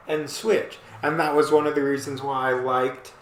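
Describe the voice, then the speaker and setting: A man with a fairly high voice rambles through a casual podcast chat, breaking off and restarting his thoughts as he goes. He sounds animated and talkative. The room around him is echoey. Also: unhurried, hardly any pauses. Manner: rambling, animated, self-interrupting. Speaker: podcast co-host. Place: small apartment room.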